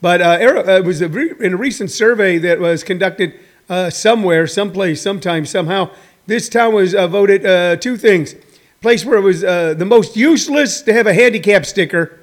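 A man's voice: high voice, moderate pace. A man, a stand-up comedian, talking casually to viewers in a livestream monologue, rambling with many fillers and restarts.

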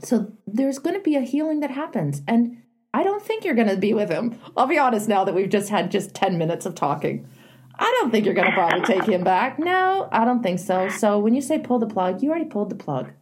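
A woman's voice: medium pitch, sing-song, fairly quick, a little hiss or hum. A middle-aged woman hosting an advice show, earnestly coaching a caller in a plainspoken, emphatic way.

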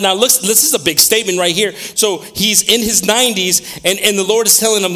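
A man preaching a sermon, swinging between loud scripture reading and quiet, repetitive asides. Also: high voice, brisk, few pauses. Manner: repeats words while searching for them.

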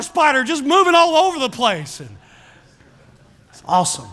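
High, bright-voiced middle-aged preacher. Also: male voice, moderate pace. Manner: animated storytelling, repeats words when starting a line. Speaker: pastor. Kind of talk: sermon. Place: church.

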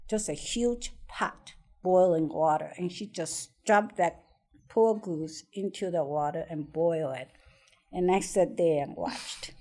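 Slow-speaking woman telling a childhood story. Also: sits low, warm tone. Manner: hesitant, repeats words, laughs often. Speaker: interviewee. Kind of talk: personal storytelling in conversation.

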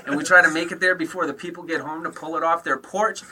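A man with a very bright, forceful, fairly high voice tells stories as a podcast guest. He rants and swears freely, animated and heated. A faint hiss sits under the studio recording. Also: fast, distant mic. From Detroit area. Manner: profane, animated ranting storyteller. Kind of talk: casual chat, storytelling.

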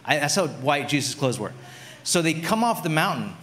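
A man in his thirties preaching a sermon as a pastor, telling a story in a relaxed, conversational way with lots of "like"s. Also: a little high, normal speed.

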